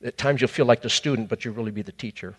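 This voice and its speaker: Husky man preaching in an echoey hall. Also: rapid-fire. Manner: conversational, animated preaching with sudden high exclamations. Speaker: minister. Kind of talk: prophetic ministry to a couple.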